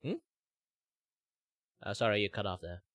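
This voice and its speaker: A man's voice: lowish voice, moderate pace, fairly bright tone, no room sound. A man from Malaysia, chatting casually on his stream in a rambling way, with lots of fillers. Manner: rambling, with many fillers and laughs. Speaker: streamer host.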